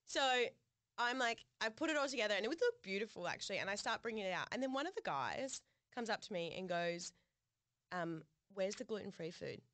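A woman's voice: mid-range voice, brisk, no room sound. A young adult woman, co-hosting a podcast and telling a story in casual chat. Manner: animated storytelling, swearing, frequent "like". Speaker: podcast co-host.

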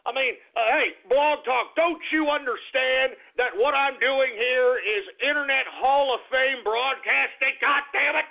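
A man's voice: extremely high pitch, unhurried, vocal fry, few pauses. A male internet radio host ranting in exasperation on air, cursing and repeating himself. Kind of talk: angry on-air rant. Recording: tinny lo-fi internet radio line.

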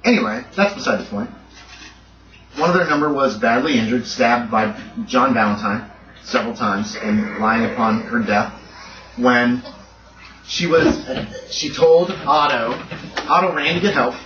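Acting as game master for a tabletop horror game, a man with a mid-range voice explains the story at a measured pace, rambling and correcting himself. The recording sounds distant, roomy, dull, and noisy, with a dog barking nearby.

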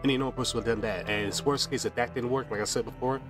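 A man's voice: medium pitch, steady tone, rapid-fire, music in the background. A man giving a mocking voice-over commentary, scornful and insulting. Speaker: commentary video narrator.

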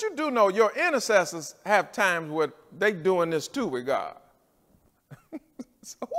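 A pastor preaching a sermon with a rhythmic cadence, dropping to near-quiet and rising to shouts. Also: male voice, high-pitched, big pitch swings, measured pace, long pauses, in a large hall.

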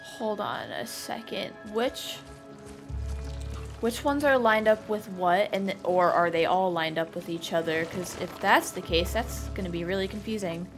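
This woman, playing through a video game, speaks at a medium pitch and a slightly slow pace. She's excitable in her casual commentary, exclaiming and joking at her own expense while game music and effects play.

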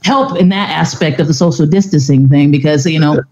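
A woman from Florida, a podcast guest chatting casually in a lively, blunt way and swearing freely. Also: low voice, fairly quick, lo-fi sound. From Florida, USA. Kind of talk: casual conversation.

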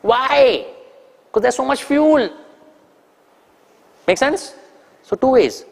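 A man with an Indian English accent giving an animated, teasing training talk to an audience, throwing questions at them. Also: very high voice, slow pace, vocal fry, in a large hall. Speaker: corporate trainer.

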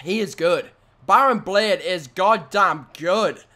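A man with a high voice gives loud, excitable play-by-play as he plays a video game. He swings between low groans and sudden shouts, swears casually and says many lines twice. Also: slow. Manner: swears casually and repeats phrases. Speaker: gaming video host. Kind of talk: excited let's-play commentary.

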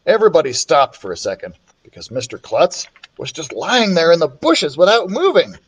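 Lively man reading a storybook aloud. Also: normal speed, husky. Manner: expressive, voices the characters with big pitch swings. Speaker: children's librarian reading aloud.

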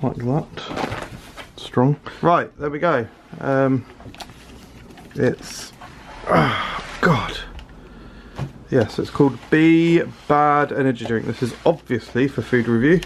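A man's voice: mid-range voice, takes it slowly, pauses often. Young British male vlogger, dry and sarcastic, casual sweary chat, faint noise behind. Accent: British English.

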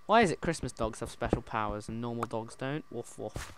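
An excitable man gives chatty gameplay commentary in a voice of middling pitch. He keeps calling out to his pet wolf. Loud noise hisses under the recording. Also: a little fast. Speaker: gaming channel host.

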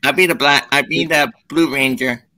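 A man's voice: mid-range voice, normal speed, sharp tone, low-quality recording. A man co-hosting a live stream, chatting casually and greeting viewers by name.

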